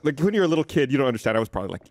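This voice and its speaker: A man in a relaxed group conversation, spinning a long anecdote full of "like" and "um". His voice sits at an ordinary middle pitch, and the sound is dry and close with almost no room echo. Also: very fast. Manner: rambling, filler-heavy anecdote telling. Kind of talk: casual storytelling chat.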